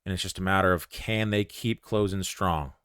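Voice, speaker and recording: Low, smooth-voiced man talking through trades. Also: moderate pace, no echo, clean studio sound. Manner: thinking aloud, calm and conversational. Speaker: day trader narrating a live trade. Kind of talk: live trading commentary.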